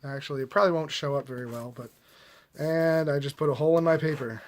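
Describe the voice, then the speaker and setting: A man's voice: on the high side, fast talker, a little hiss or hum. A man giving casual movie commentary to camera, chatty and mildly sarcastic, often restarting mid-sentence. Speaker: movie vlogger. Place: at a table at home.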